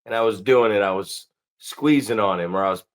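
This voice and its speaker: A man's voice: lowish voice, brisk. A man hosting a podcast who speaks bluntly in casual chat, trading stories and swearing freely. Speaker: podcast host.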